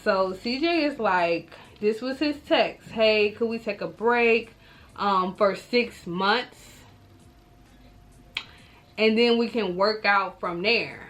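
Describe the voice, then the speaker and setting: Young woman, casual storytime vlogger, lively and chatty, addresses viewers directly. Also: mid-range voice, takes it slowly. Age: young adult. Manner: animated, talks straight to viewers, acts out her own reactions.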